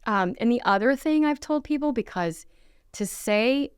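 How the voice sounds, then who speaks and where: A woman's voice: fairly high pitch, normal speed, clean tone, no room sound, studio quality. A middle-aged woman giving relationship advice in a casual conversation, earnest and instructive, often acting out quoted apologies. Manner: acts out quoted apologies in lively voices.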